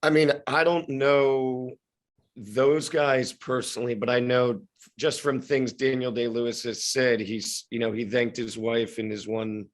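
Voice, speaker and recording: A man in his thirties talks as a podcast guest in an easy, middle-pitched voice. He thinks aloud, circling back and restarting his sentences as he goes. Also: flat delivery. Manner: reflective, halting, many restarts and hedges. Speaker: guest actor. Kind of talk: casual podcast interview.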